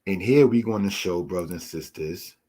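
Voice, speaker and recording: A man teaching a Torah lesson, explaining word meanings in a measured way and addressing his listeners as brothers and sisters. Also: deep voice, mellow, breathy edge. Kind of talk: slow spoken Bible lesson.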